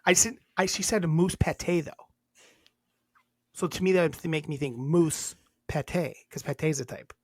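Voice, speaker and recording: A woman's voice: low-pitched, moderate pace, darkish tone, dry recording, clean studio sound. A woman co-hosting a podcast in casual chat, reading out lists and joking around. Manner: chatty, reads lists aloud, laughs and jokes. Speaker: podcast co-host.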